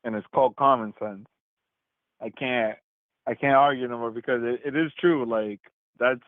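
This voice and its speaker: A man's voice: mid-range voice, moderate pace, dry recording. A man in his forties in a casual heated debate, stammering, repeating words and laughing often. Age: 40s. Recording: tinny phone-like call audio.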